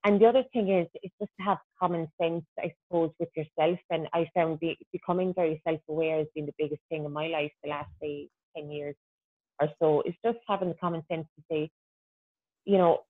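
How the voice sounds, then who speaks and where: A woman's voice: low-pitched, fairly even intonation, a little fast, no echo. A woman chats as a podcast guest, practical and self-deprecating. Her voice comes through a tinny, phone-like line. It sounds dry and close, with no room around it. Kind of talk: casual podcast chat.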